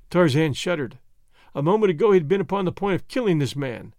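Expressive male narrator, high and lively. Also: quick pace, no room sound, clean studio sound. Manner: dramatic, expressive storytelling. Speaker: audiobook narrator. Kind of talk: scripted narration.

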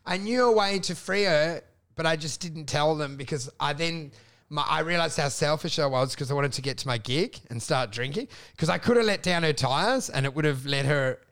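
A man, a comedian telling sweary, animated stories in casual chat on a podcast. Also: fairly high pitch, moderate pace, clean tone. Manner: animated storytelling, sweary, laughing.

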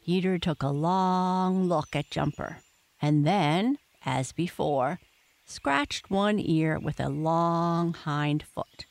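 A woman reading a bedtime story aloud in a calm, gentle way. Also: on the low side, takes it slowly, gravelly. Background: soft music.

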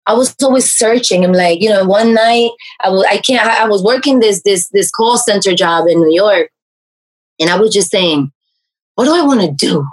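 A woman, a life coach, telling her personal story in an interview, animated and full of fillers and restarts. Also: normal speed, rough recording. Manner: animated storyteller, raises pitch to act out quoted speech.

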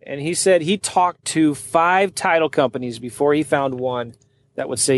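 Animated storytelling man, slightly high voice. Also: moderate pace. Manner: animated, acts out other people's lines in quoted voices. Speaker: real estate wholesaler and podcast host. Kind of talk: casual storytelling monologue.

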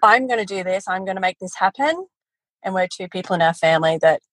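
A woman, a guest telling her business story in a casual interview, animated and quick to laugh. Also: mid-range voice, no room sound, low-quality recording. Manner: animated storytelling, quotes family in voices, laughs often. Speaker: guest, photography educator.

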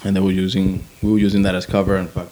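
A man in his forties, an army veteran guest telling war stories in a casual, profane, animated way. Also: deep voice, racing, low-quality recording. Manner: profane, animated, acts out sounds and quotes.

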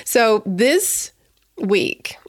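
A woman in her thirties hosting a podcast, chatting in a rambling, excitable way with frequent restarts. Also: medium pitch, extremely slow, dry recording, studio quality. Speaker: podcast host. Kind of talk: casual podcast chat.

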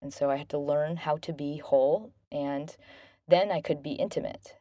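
A woman in her thirties hosting a self-help podcast, talking gently and earnestly about relationships. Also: sits low, normal speed, no room sound. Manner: gentle, earnest, bubbly when thanking listeners. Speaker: podcast host.

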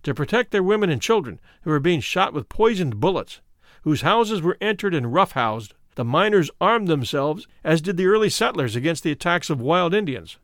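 A man's voice: on the high side, very animated, normal speed, fairly bright tone, no room sound, clean studio sound. Man reading a memoir aloud. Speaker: narrator. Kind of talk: audiobook narration of a memoir.

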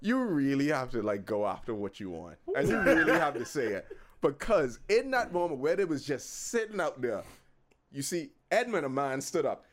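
A man's voice: mid-range voice, big pitch swings, normal speed, a little hiss or hum. A man co-hosting a podcast, chatting casually and animatedly, often laughing and acting out quotes. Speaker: podcast co-host. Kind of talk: casual chat.

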